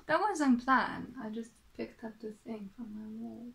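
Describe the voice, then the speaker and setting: Slow-talking French woman, chatty and rambling. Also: on the high side, creaky, fairly bright tone. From France. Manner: chatty, rambling, self-correcting, with asides to herself. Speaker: knitting podcast host. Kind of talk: casual show-and-tell chat.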